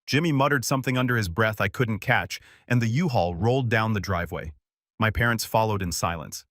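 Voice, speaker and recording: A man giving a steady, measured first-person narration of a scripted story. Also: lowish voice, no room sound, clean studio sound.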